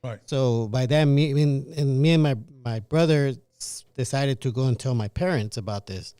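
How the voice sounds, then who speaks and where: A man casually recounting a childhood experience, halting and restarting as he goes. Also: medium pitch, warm tone, clear, resonant tone, dry recording, clean studio sound. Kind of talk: casual storytelling.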